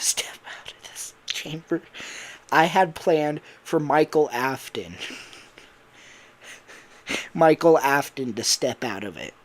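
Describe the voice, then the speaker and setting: A young man and voice actor, casually telling a fan story idea, rambling with fillers and laughing at himself. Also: on the high side. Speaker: voice actor and YouTuber.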